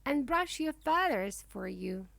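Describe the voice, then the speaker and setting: A woman's voice: high voice, sing-song, slow, creaky, fairly bright tone, no echo, heavily acted. A woman voicing a playful little ostrich girl who talks eagerly in a storybook reading.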